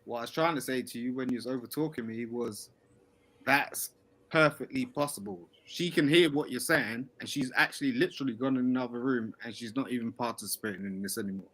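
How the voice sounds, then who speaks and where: A man, a guest on a live panel, talking defensively and haltingly. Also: mid-range voice, a bit bright, rough recording. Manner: defensive, halting, with many restarts. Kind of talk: heated live panel talk.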